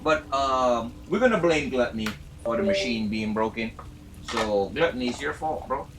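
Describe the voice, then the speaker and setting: A man's voice: mid-range voice, lively intonation, moderate pace. A man live-streaming a game, chatting casually and swearing while he teases his chat from his home gaming chair. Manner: hyped, profane, teasing his chat. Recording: noisy background.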